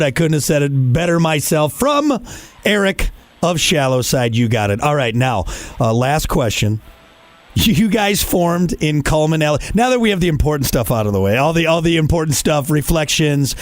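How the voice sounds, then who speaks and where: A man hosting a music podcast, playful and quick to laugh, with a northern US accent. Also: fairly high pitch, expressive, dry recording. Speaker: radio podcast host. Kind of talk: casual interview.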